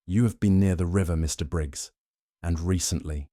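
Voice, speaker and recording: Guy doing sherlock holmes, calm keen detective, smooth measured talk, deep mellow voice. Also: no echo, clean studio sound, natural voice. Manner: smooth, measured, almost kind.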